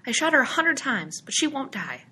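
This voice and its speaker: A woman voicing a belligerent seven-year-old boy who yells and demands, in a read-aloud story. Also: high voice, big pitch swings, moderate pace, pitched above the performer's own voice, exaggerated voice. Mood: whiny. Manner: yelling, demanding. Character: young boy, bratty and belligerent.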